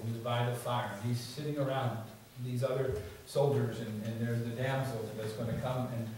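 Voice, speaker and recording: A man's voice: mid-range voice, darkish tone. A male pastor preaching a sermon in a conversational way, often adding "you see" and "okay?", recorded in a church. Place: church sanctuary. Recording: very echoey church, distant mic, faint noise.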